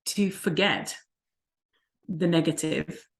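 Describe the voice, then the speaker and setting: A woman's voice: sits low, steady tone, takes it slowly, creaky. A woman, a life coach co-hosting a vlog, telling stories in casual chat and laughing often. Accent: non-American, unplaced. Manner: chatty storyteller who laughs often.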